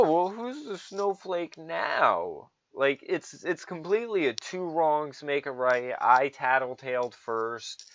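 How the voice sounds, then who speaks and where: A man's voice: medium pitch, pushed and bright, dry recording, muffled recording. A man giving ranting political commentary, sarcastic and profane, mocking others in put-on voices.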